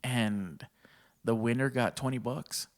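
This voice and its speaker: A man's voice: medium pitch, slow pace. Profane, laughing comedian guy from Texas. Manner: profane, slangy, laughs often. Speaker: stand-up comedian guest. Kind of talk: casual podcast storytelling.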